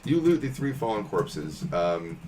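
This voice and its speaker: A man's voice: fairly low pitch, sing-song, unhurried, distant mic, background noise. A man narrating as game master for a tabletop game, casual and full of fillers like "um" and "like".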